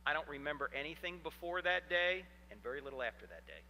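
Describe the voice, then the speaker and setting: A man in his fifties giving an animated, humorous storytelling lecture to a live audience in a hall. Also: fairly high pitch, quick pace, a little hiss or hum. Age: 50s. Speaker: Christian apologetics speaker.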